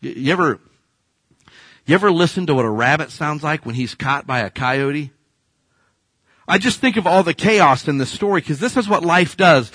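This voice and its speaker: A male pastor preaching a sermon, telling Bible stories in an animated way that swings from hushed to loud. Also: fairly high pitch, normal speed, long pauses, breathy edge, dry recording.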